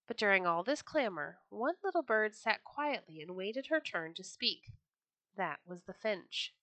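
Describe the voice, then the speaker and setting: A woman reads classic children's stories aloud in a bright, ringing voice. The sound is close and dry, with no room around it. She keeps it lively, lifting her voice for the characters. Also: mid-range voice, unhurried, no echo. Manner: expressive, raises her voice for quoted birds. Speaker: storyteller reading aloud. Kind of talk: storybook reading for children.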